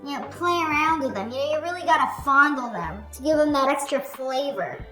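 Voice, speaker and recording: A woman hosting a reaction video, making animated, sarcastic jokes in a casual commentary style. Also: high-pitched, brisk. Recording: roomy echo with faint music.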